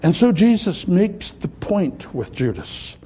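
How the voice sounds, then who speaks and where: A man preaching a sermon, building to impassioned peaks and dropping to quiet, reflective lines. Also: high-pitched, sing-song, slow pace, breathy edge. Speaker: pastor.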